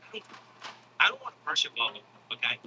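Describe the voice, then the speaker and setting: A man telling a comic story in a casual, animated style, swearing freely and acting out other people's voices. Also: a little high, fast, a little hiss or hum, low-quality recording. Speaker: comedian. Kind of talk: stand-up comedy storytelling.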